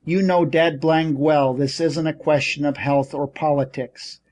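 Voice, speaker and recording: A man's voice: fairly high pitch, steady tone, a little slow, a little mellow, natural voice. A man voicing a blustering, scolding old shipping magnate in an audiobook.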